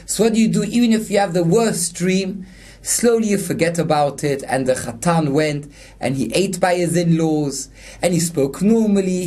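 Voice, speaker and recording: A man's voice: fairly high pitch, a little mellow. Male rabbi, earnest sermon delivery, storytelling, glosses each Hebrew term in plain speech. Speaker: rabbi giving a Torah class.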